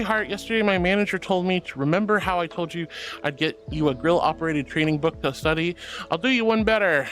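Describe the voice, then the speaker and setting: A man's voice: high-pitched, a bit bright. A man streaming live, casually reading chat and showering viewers with pet names like honey and darling, playful and giggly.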